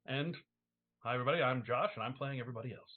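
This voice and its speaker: A man's voice: medium pitch, very fast. A man hosting a tabletop game as game master, casually asking his players questions. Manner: easygoing, asks the table questions. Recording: tinny, phone-like stream audio.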